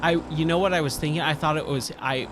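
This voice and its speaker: A man's voice: on the high side, fairly even intonation, fast talker, background noise. A man in his thirties, a gaming streamer, casually telling a rambling story full of fillers and self-corrections. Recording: loud racing game sounds underneath.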